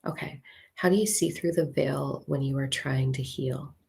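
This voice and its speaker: A woman spiritual coach talking casually and frankly to a live audience, swearing freely and slowing down to read a mantra. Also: rumbling low, creaky, a little mellow. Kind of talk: casual livestream talk.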